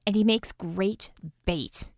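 A woman's voice: medium pitch, takes it slowly, darkish tone, no room sound, studio quality. A woman reading an audiobook, voicing a wry, matter-of-fact young woman sharpshooter.

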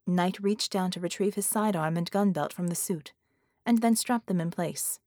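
A woman's voice: fairly low pitch, normal speed, warm tone, no room sound, clean studio sound. Woman reading an audiobook. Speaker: audiobook narrator. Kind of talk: scripted narration.

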